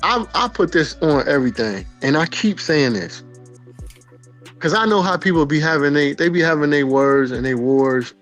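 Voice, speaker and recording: A man's voice: a little high, lively intonation, moderate pace, a bit bright, soft background music. Emphatic man swearing in an interview. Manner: emphatic, repeats himself, swears. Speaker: interview guest, rapper.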